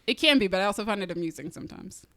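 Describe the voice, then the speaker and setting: Woman co-host, rapid, chatty, lots of restarts, dry close mic. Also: medium pitch, animated, pushed and bright, dry recording. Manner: chatty and enthusiastic, with frequent fillers and restarts. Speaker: podcast co-host. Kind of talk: casual movie review chat.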